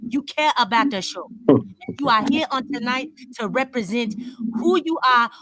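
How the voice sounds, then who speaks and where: A woman co-hosting a sports podcast, urging listeners in a preachy, drawn-out way. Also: on the high side, lively intonation, a bit bright. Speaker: podcast co-host. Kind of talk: casual sports chat.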